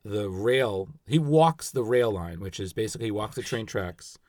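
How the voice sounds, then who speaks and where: A man's voice: on the low side, lively intonation, normal speed, a little mellow, no echo, studio quality. A man hosting a casual true-crime podcast, explaining the case with hesitant stops and restarts. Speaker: podcast host.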